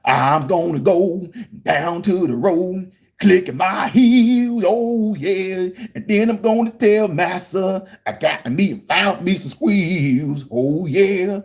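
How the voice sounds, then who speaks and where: A man's voice: sits high, rapid-fire, hardly any pauses, warm tone. A man putting on the voice of a jolly, folksy bumpkin who drawls in broken grammar and singsong phrases.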